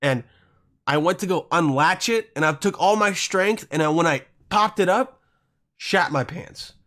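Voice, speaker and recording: A fairly bright, high-pitched male voice, a little slow, belongs to a European man hosting a podcast. In a casual monologue he tells a rambling, crude story, swearing often and interrupting himself.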